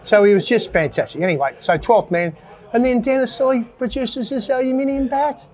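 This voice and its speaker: A man's voice: very high voice, brisk, a little mellow. Older Australian man spinning yarns. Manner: anecdotal, self-mocking, laughs at own stories. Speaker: former cricketer guest. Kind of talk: casual storytelling interview.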